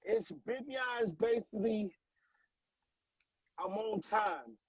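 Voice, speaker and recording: A man's voice: high voice, big pitch swings, takes it slowly, gravelly, breathy edge, dry recording, low-quality recording. A man, a guest artist on a radio show, talking in a laid-back, slangy way and often repeating himself. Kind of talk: casual radio interview chat.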